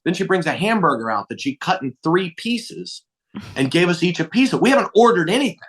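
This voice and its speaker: With a high-pitched, sing-song voice that's fairly bright, this middle-aged comedian guest talks fairly quickly. He tells casual stories, performs the dialogue himself, and drops in some light swearing.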